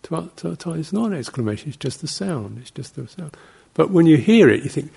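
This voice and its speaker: A man, a Buddhist monk, giving an informal dharma talk in a rambling, anecdotal way, breaking into soft laughs and short acted-out exclamations. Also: on the high side, lively intonation, fairly quick, vocal fry, husky. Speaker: Buddhist monk teaching meditation.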